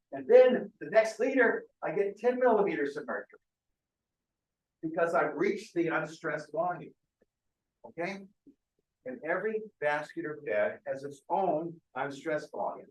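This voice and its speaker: A man's voice: fairly high pitch, expressive, normal speed, lo-fi sound. A man giving a keynote medical lecture, explaining step by step and often checking that the audience follows. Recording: echoey lecture hall.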